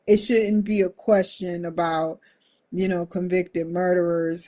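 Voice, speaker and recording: A woman hosting her own stream, riffing with loose, joking commentary and frequent laughs. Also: lowish voice. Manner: laughing, animated storytelling with mock quotes; loose, colloquial, rambling. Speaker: streaming show host.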